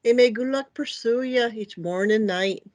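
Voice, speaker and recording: A woman's voice: a little high, moderate pace, natural voice. A woman putting on a lilting mock Irish brogue. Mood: blessing.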